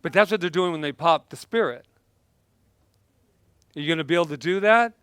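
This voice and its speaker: A man giving a lively motivational talk with props, playful and laughing often, breaking into sudden exclamations. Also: fairly high pitch, a little fast, clean tone, no room sound.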